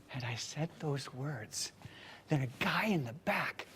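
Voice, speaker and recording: A man giving a storytelling keynote to a conference audience, dramatic, swinging from whispers to loud bursts. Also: medium pitch, animated, slow pace, husky, in a large hall. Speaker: motivational keynote speaker.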